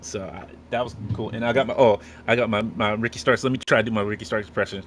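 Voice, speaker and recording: Man, podcast host, low voice, joking, rambling with restarts. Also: steady tone, quick pace. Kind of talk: casual chat.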